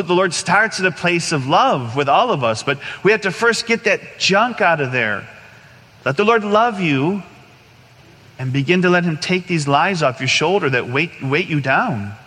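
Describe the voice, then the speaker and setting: A priest giving a conversational, earnest sermon and telling a personal story, with many restarts and asides. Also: male voice, a little high, expressive, normal speed, sharp tone, big-room sound.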